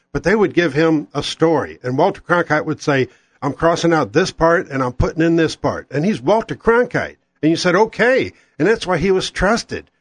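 Brief: angry talk radio host man, slightly raised pitch, very dry sound. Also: dry recording. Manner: angry, sarcastic, ranting. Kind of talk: political talk radio rant.

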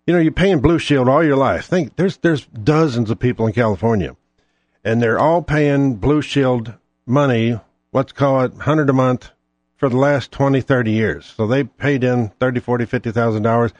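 A man's voice: medium pitch, moderate pace, darkish tone, no room sound. A man hosting his own show alone, ranting in a profane, sarcastic, rambling way. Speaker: podcast host. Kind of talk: ranting solo monologue.

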